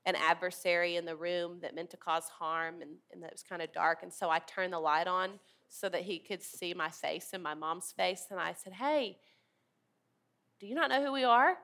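Leading her listeners to echo words back in call-and-response, this woman preaches with earnest emphasis. She has a lowish, fairly bright voice with little pitch movement and keeps a moderate pace, hardly pausing.

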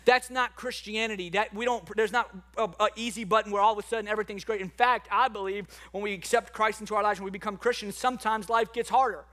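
A male pastor preaching a conversational sermon, energetic with bursts of excitement. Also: high-pitched, quick pace, hardly any pauses.

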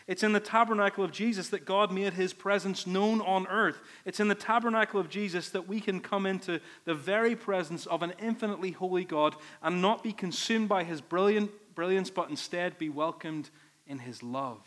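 Delivering a sermon at normal speed, this male pastor has a high-pitched, fairly bright voice and sounds earnest and emphatic, returning again and again to repeated phrases.

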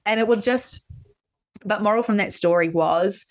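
A woman's voice: mid-range voice, normal speed. A woman hosting a podcast, chatting candidly and swearing freely as she tells personal stories. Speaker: podcast host. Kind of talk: casual podcast chat.

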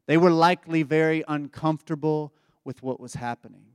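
A man's voice: a little high, steady tone, brisk, a little mellow, clear, resonant tone, no room sound, studio quality. A man preaching a sermon as pastor, retelling a scripture story in casual everyday words. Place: church.

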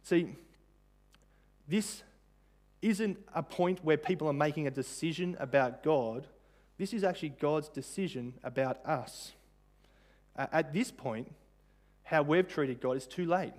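A man's voice: a little high, a little slow, long pauses. A man preaching a sermon in a conversational way, with frequent fillers and rhetorical questions. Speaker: pastor.

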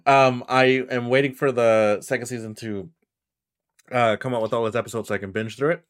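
A man's voice: mid-range voice, steady tone, brisk. A young man with the hiccups in casual chat about anime, easygoing and hesitant with many fillers.

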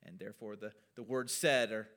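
A man's voice: on the low side, a little fast, a bit bright. A male pastor giving a casual teaching sermon in a conversational way, with self-deprecating asides.

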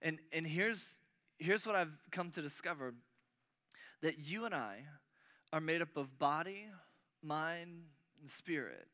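A male preacher with a bright, forceful voice pitched a touch high. He talks to the congregation like a friend, stumbling and restarting phrases, then pushing his voice up to land a point. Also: lively intonation, a little slow, long pauses. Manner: conversational preaching with frequent restarts, voice rising on key points. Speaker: pastor. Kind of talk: sermon.

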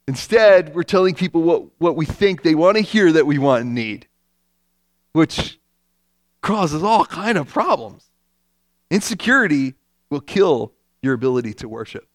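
High-voiced man preaching a sermon. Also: expressive, unhurried, dry recording, studio quality. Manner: conversational, emphatic, repeats key lines. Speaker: pastor.

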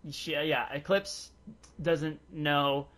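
A young man talks casually on a podcast, and his voice is bright and a little high. He sounds youthful and laughs often between his thoughts. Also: fairly even intonation, extremely slow. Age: young adult. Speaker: podcast host. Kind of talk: casual chat.

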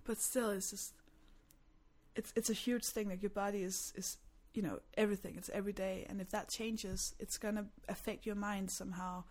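A woman from Denmark, a comedian, talking candidly in a chatty, animated way and acting out quotes. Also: medium pitch, normal speed. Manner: animated storyteller, acts out quotes, frequent laughs. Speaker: stand-up comedian, guest. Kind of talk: candid conversational chat.

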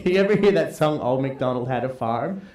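A man, co-hosting a casual comedic chat, animated and laughing often. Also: mid-range voice, brisk. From Australia. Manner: animated, laughs often, mimics bird calls. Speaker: podcast co-host. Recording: roomy echo.

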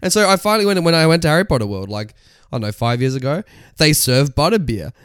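Australian man, podcast co-host, casual chat, animated, swears a lot, dry close sound. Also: a little high, quick pace, clear, resonant tone, no echo. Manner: excitable, laughs often, swears freely.

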